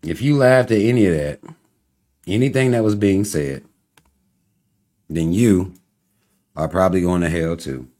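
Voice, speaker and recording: A man's voice: deep voice, measured pace, long pauses, warm tone. A man hosting a casual livestream, talking to viewers and reading their comments, often breaking into laughter and teasing in a loose, rambling way.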